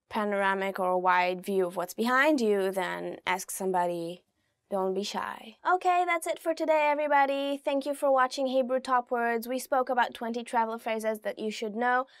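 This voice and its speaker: A woman hosting a casual video lesson. She chats informally with many fillers and reads phrases slowly and clearly. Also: mid-range voice, dry recording, studio quality. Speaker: language teacher.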